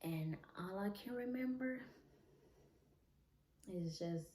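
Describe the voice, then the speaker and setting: A young woman vlogger telling a personal story in a soft, candid, unhurried way. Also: mid-range voice, expressive, slight background noise. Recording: echoey room, faint ambience.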